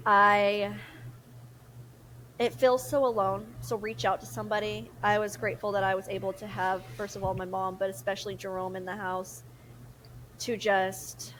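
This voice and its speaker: A woman's voice: medium pitch, a little hiss or hum, poor audio. A young woman, talking openly and with feeling as a podcast co-host. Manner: animated and emotional, quotes others in lively voices. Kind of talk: casual chat.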